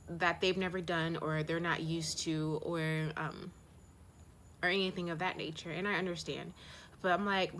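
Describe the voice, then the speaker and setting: A young woman from the United States speaks openly in a personal vlog. Her voice sits a little low yet sounds bright and forceful. She talks in a heartfelt, rambling way, full of fillers. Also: a little hiss or hum. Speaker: travel vlogger.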